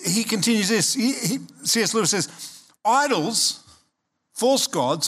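Speaking in a high, slightly bright voice, a man in his sixties gives a sermon as pastor. His style is conversational, with frequent check-ins with the congregation and touches of humor on the side.

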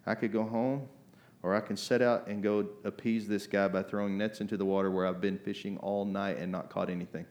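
A man preaching a sermon in a conversational way, acting out voices and asking "right?" often, climbing to loud emphatic bursts. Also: fairly low pitch, little pitch movement, brisk. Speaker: pastor.

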